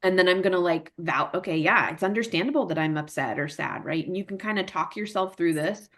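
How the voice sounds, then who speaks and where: A woman's voice: fairly low pitch, brisk, a bit bright. A woman presenting a parent workshop in a casual, chatty way, full of fillers and tag questions, who acts out emotions in her examples.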